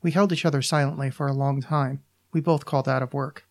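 A podcast host reading his own short story aloud in an even, measured way. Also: mid-range voice, gravelly.

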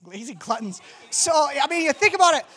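Woman preacher, relaxed and jokey with her congregation, lightly high-pitched and lively. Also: fairly quick, a faint crowd. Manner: animated, joking, talkative. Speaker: pastor. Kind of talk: casual sermon.

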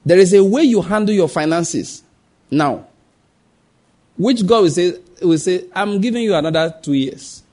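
A man preaches a sermon in a fairly high, husky voice. He keeps asking the congregation rhetorical questions and drops into the voices of the people in his family stories. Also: lively intonation, unhurried, darkish tone. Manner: acts out quoted voices. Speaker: pastor.

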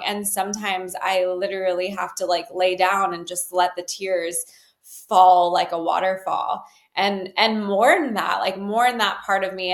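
A woman guest speaking earnestly in a candid interview, with many "like" fillers. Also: medium pitch. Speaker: guest, healer. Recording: roomy echo.

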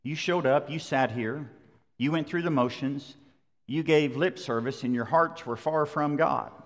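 In a large church sanctuary, a middle-aged man delivers a sermon at an unhurried pace, his voice on the high side. He sounds conversational but emphatic and repeats himself to press his points, with long hall reverb on the recording.

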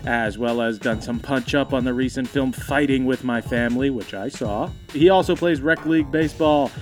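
A man's voice: mid-range voice, moderate pace, soft background music. A man co-hosting a podcast in casual chat, laughing often and chiming in. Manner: laughs often, lively interjections. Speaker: podcast co-host.

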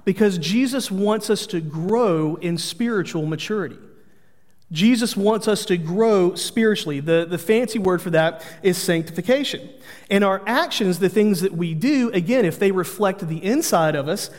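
Pastor guy, high voice, earnest preaching w/ jokes, big echoey hall. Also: normal speed, darkish tone. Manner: earnest, storytelling with humor. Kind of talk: sermon.

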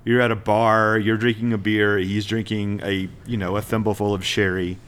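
A man's voice: lowish voice, level tone, normal speed, a crowd in the background. A man co-hosting a casual film podcast, riffing playfully and acting out movie lines. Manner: playful, riffs on jokes, acts out movie lines. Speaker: podcast co-host. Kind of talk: casual film discussion chat.

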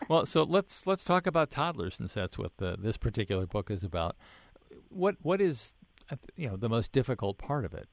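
A man hosting an interview, asking measured questions with halting restarts. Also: mid-range voice, very animated, vocal fry. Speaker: interviewer host. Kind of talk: radio interview.

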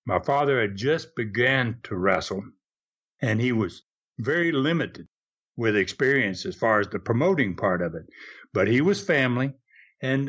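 An older man in his seventies spins anecdotes for an interviewer in a plain, middle-pitched voice. He chuckles as he goes and slips into voices for the people he quotes. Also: fairly bright tone, dull audio. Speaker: interview guest. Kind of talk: storytelling interview.

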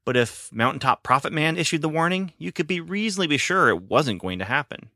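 A man's voice: fairly high pitch, expressive, fairly quick, pushed and bright, no room sound, clean studio sound, voice pushed up, exaggerated voice. A man voicing a boastful, wry ancient male demigod in a story reading, talking in a sardonic, grumbling way.

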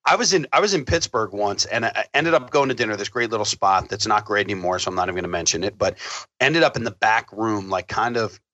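A man telling travel stories in casual chat, profane and animated, acting out the lines of the people in them. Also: fairly low pitch, fast talker, no echo, dull audio.

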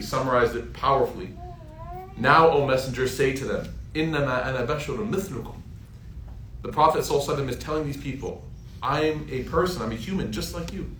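The recording carries a little hiss or hum and a roomy echo as a man in his thirties preaches a heartfelt Islamic sermon. His medium-pitched voice is slightly bright, and he tells stories that build to emphatic peaks.

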